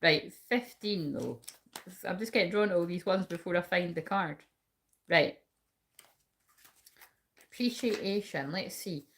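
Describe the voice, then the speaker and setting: A woman's voice: fairly low pitch, lively intonation, measured pace, pauses often, fairly bright tone. Chatty, foul-mouthed woman reading tarot. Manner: casual, chatty, swears freely; talks to viewers and chat while reading cards. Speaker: tarot reader.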